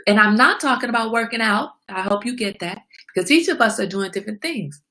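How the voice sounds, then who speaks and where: A middle-aged woman hosting her own show, giving a candid, preachy motivational talk about slowing down. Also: mid-range voice, lively intonation, bright, forceful tone. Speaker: host. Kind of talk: casual motivational monologue.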